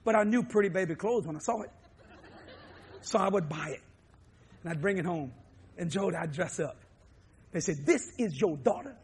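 A preacher from New Orleans with a Cajun accent, who shouts emphatic lines and drops low to chuckle through his stories. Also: moderate pace, long pauses, slight background noise. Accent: Cajun, Louisiana. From New Orleans, Louisiana. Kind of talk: sermon with humorous storytelling.

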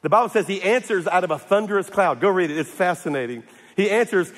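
Higher-voiced male pastor, casual and humorous sermon, often restarting, echo from the hall. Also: animated, fairly quick. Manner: humorous, repeats and restarts, calls for amens. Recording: echoey hall.

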